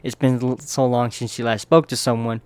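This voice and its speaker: A man talking through a manga story in a relaxed, conversational way, tagging sentences with quick "right?" check-ins. His voice sits at an ordinary middle pitch. The recording is close and dry, with almost no room sound. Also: clear, resonant tone, no echo. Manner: loose and chatty, keeps checking in with "right?". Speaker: manga recap YouTuber. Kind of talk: casual manga recap narration.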